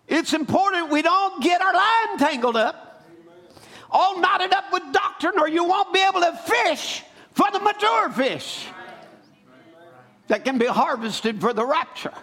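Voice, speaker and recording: A man preaching a sermon, rising from calm storytelling into loud, fervent exhortation. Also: very high voice, unhurried. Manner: building to shouted exhortation.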